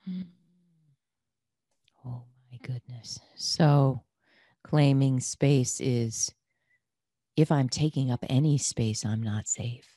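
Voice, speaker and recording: A woman hosting an interview podcast, a therapist by training, who asks gentle, searching questions and reacts with soft sympathy. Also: very deep voice, slow, pauses often, dry recording, studio quality. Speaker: podcast host and marriage and family therapist. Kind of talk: interview conversation.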